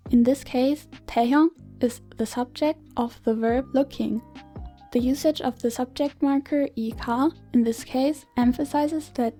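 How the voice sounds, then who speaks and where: A woman teaching a Korean grammar lesson in clear, measured scripted narration. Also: fairly high pitch, mellow.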